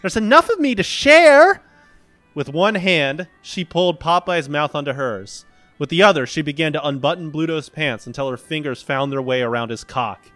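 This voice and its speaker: A man hosting a podcast, reading comedic fan fiction aloud in a deadpan way. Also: a little high, moderate pace, no echo, soft background music. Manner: deadpan, breaking into laughter. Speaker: podcast host.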